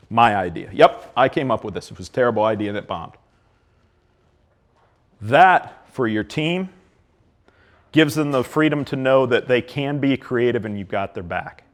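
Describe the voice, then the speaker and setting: Fifties Ohio man, park director, plain-spoken and animated speaker, mid-pitched, talking to a room. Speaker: park system director giving a leadership talk. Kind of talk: speaking to a live audience.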